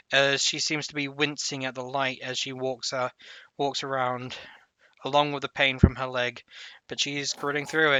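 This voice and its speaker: Game master, man, slow halting narrator, bright and crisp voice, dry sound. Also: on the high side, no echo. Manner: unhurried, halting descriptive narration.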